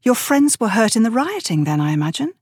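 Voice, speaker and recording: A woman voicing a gentle, curious young volunteer nurse in an audiobook, speaking softly. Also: a little high, big pitch swings, fairly quick, husky, no room sound, studio quality, voice pushed up. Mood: gentle concern.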